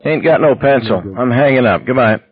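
A man's voice: medium pitch, a little fast, breathy edge, dry recording, phone-quality sound, voice pushed up, natural voice. A man voicing a sly, insinuating tenement neighbor who gossips over the phone. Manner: sly, giggling, drawling.

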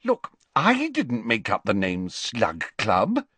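A man voicing a clever, bossy teenage schoolgirl in a storybook reading, brisk and insistent. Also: lowish voice, wildly swooping pitch, a bit bright, husky, no echo, heavily acted.

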